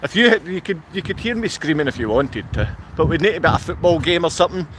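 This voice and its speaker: A man's voice: on the high side, expressive, fast talker, fairly bright tone, a little hiss or hum. A man with a Scottish accent, rambling through a live-stream monologue outdoors in a car park and answering viewer comments as he goes. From Scotland.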